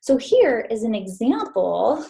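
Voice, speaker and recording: A woman's voice: on the high side, very animated, a little slow, vocal fry, dark tone, poor audio. A woman teacher giving a recorded math lesson to third graders, patient and encouraging, speaking straight to her students.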